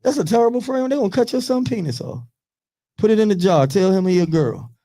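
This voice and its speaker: A man in his thirties on a radio talk show, telling profane, animated stories in casual chat. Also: sits high, fast talker.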